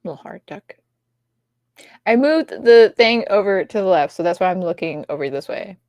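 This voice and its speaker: A woman co-hosting a casual livestream chat, playful, sometimes dropping into soft whispers as she shows off her toys. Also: medium pitch, expressive, moderate pace, no echo. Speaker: co-host.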